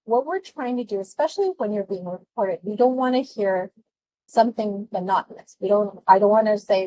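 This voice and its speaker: A woman presenting speaking tips in an online webinar, lively and chatty, laughing often as she talks with her hands. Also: medium pitch, a little fast, no echo, low-quality recording. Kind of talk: presenting test-prep tips to an online audience.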